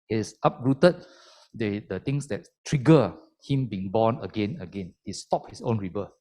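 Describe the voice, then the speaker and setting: Animated lay Dhamma speaker. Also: male voice, fairly low pitch, measured pace. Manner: animated and emphatic, explaining step by step. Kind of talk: Buddhist sermon.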